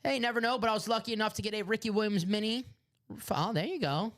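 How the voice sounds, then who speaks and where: A man's voice: high-pitched, fast talker, fairly bright tone. A man with a Chicago accent hosting a live memorabilia break stream, upbeat and joking as he hypes items. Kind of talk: live stream sales chat.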